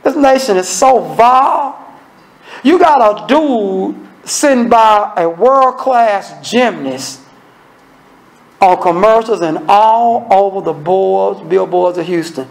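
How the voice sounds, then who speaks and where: A man preaching an evening sermon with a Southern US accent, swinging between low murmurs and emphatic high exclamations. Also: animated, slow pace, creaky, low-quality recording. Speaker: minister.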